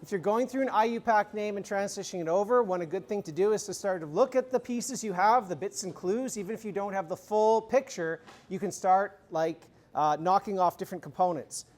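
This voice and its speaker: A man's voice: high-pitched, fairly quick, hardly any pauses, darkish tone. A man giving a university chemistry lecture in a conversational way, quizzing the class with review questions and adding informal, humorous asides.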